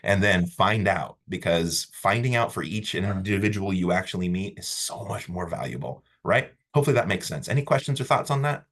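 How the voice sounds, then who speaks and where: A man teaching a college class, talking in an animated, storytelling way that often breaks off and restarts mid-sentence. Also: low-pitched, fairly quick, hardly any pauses. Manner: animated, storytelling, self-interrupting. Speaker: college instructor. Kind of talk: classroom lecture.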